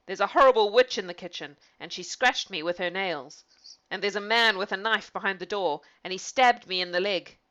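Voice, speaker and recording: A woman's voice: medium pitch, fairly quick, fairly bright tone, muffled recording, lightly acted. A woman voicing a terrified male robber who babbles about what attacked him. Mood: panicked.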